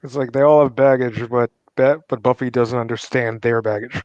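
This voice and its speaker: Male co-host, mid pitch, short chiming-in remarks, dry sound. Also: steady tone, normal speed, a little mellow, dry recording, highs cut off. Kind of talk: casual chat.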